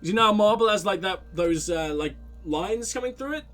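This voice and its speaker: A man's voice: high-pitched, expressive, brisk, a bit bright, soft background music. A man hosting a let's play, reading game text aloud with joking, rambling commentary and frequent slips over words.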